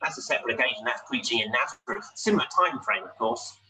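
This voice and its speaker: A man preaching a sermon in a conversational way, asking rhetorical questions with lively emphasis. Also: medium pitch, fast. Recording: distant mic with faint background noise.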